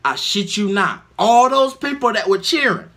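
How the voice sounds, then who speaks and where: A man hosting his own video, telling a story in a slangy, profane, animated way. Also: sits high, moderate pace. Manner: slangy, profane, animated, acts out crowd reactions. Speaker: video host. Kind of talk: casual storytelling rant.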